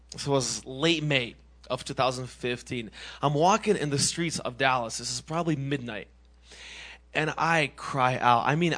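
A man in his twenties from Massachusetts, sharing his personal testimony as a youth minister in an earnest, animated way, often restarting his sentences. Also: mid-range voice. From Massachusetts, USA.

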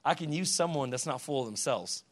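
A man voicing Jesus in a calm, low, gentle way within a sermon retelling. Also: fairly quick, lightly acted.

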